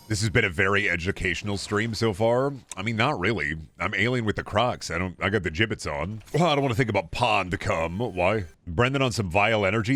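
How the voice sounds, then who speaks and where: A man's voice: lowish voice, animated, fairly quick, few pauses, a bit bright. A man streaming and chatting casually with his viewers, joking, rambling and swearing freely. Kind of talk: casual livestream chat.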